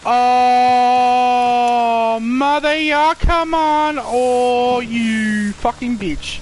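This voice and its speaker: Man, gameplay commentary, excitable, swearing, shouting, unhurried. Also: very high voice, slight background noise. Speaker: gamer.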